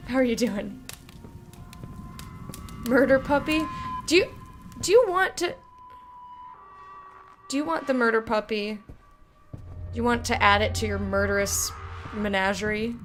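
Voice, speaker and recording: A woman's voice: a little high, measured pace, long pauses, a bit bright, faint music behind. A woman playing a game and commenting in a chatty, joking, self-mocking way. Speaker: streamer. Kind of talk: gameplay commentary.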